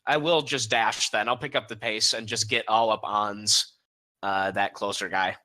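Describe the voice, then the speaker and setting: A man with a bright, forceful voice talks through his turn in a tabletop game. He is laid-back and slangy and swears offhandedly. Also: lowish voice, steady tone, moderate pace. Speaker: player. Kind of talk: casual tabletop chat.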